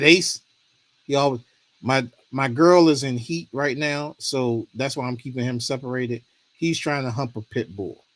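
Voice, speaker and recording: A man's voice: mid-range voice, no echo. A man, talking casually on a livestream, rambling and pleading for comments, and cooing at his dog in between. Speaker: streamer.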